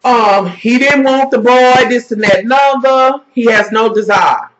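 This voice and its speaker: A woman's voice: on the high side, measured pace. A woman vlogger giving a casual, heavily profane, indignant episode recap, talking to her viewers as "y'all.". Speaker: vlogger reviewing a TV series. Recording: dull lo-fi recording.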